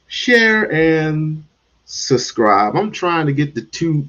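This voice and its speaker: A man's voice: on the high side, sing-song, takes it slowly, fairly bright tone. Male stream host, blunt and drawling, talks to chat at a crawl; muffled lo-fi sound. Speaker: livestream host. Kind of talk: livestream commentary.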